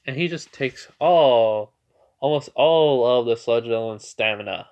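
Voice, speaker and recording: A man's voice: mid-range voice, unhurried, a little mellow. Young man, casual storyteller, rambling, fan story narration. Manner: rambling with fillers and restarts.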